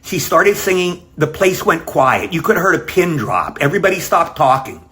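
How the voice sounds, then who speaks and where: An older man with a slightly high voice records a casual video greeting. He rambles warmly through memories, circling back and restarting his sentences. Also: expressive, normal speed. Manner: rambling, warm storytelling with fillers. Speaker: actor sending a video greeting. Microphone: self-recorded video.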